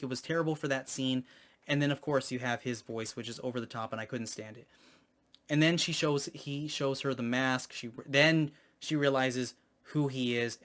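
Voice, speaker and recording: A man with a slightly raised pitch talks through a film review in a casual, unscripted way. He hesitates often, filling gaps with ums and starting sentences over. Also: fairly bright tone. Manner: hesitant, many ums and restarts. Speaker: movie reviewer.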